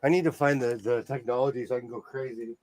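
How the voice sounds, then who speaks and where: A man hosting a casual sewing livestream from his home sewing room, easygoing and quick to laugh. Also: mid-range voice, fairly even intonation, darkish tone, no echo. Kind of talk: casual chat.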